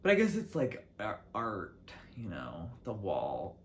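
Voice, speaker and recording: A man's voice: takes it slowly, a little hiss or hum. A young man hosting his own solo talk show, rambling casually to the camera from his city apartment with lots of fillers and restarts. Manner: chatty, lots of "like" and restarts, lively swings in pitch and loudness. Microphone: camera mic.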